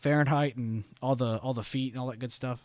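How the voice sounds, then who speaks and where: A young man from the United States chats loosely with his live-stream audience and drifts from one tangent to the next. His voice sits at an ordinary male pitch. The sound is dry, with no room echo. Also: fairly even intonation, a little fast, darkish tone. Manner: rambling, reads chat aloud, swears casually. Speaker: live-stream trading host. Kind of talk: casual live-stream chat.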